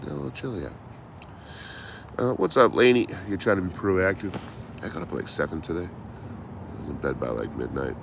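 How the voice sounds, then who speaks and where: A man's voice: sits low, lively intonation, fairly quick, gravelly, pauses often, noisy background. A man chatting on a casual outdoor livestream, telling road stories in a profane, rambling, laid-back way. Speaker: traveling live streamer.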